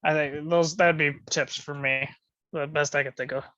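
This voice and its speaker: A laid-back man gives board game tips and laughs easily. His voice is somewhat high for a man. It comes through a dull, lo-fi mic with a dry sound. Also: fairly even intonation, moderate pace, sharp tone, no room sound. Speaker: board game group member. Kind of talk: casual group discussion.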